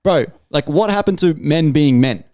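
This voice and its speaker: This is a man hosting a podcast, his voice smooth and crisp on a dry, close sound. He rants freely, swearing a lot and restarting his sentences as he goes. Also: a little high, expressive, normal speed, darkish tone, no echo. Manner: swearing, rambling rant with restarts. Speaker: podcast host. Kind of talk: casual podcast chat.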